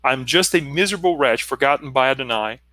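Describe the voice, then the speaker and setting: A man's voice: mid-range voice, lively intonation, brisk, bright, forceful tone, no echo. A man reading the lines of an anguished rabbi confessing hatred and despair. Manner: anguished confession read aloud.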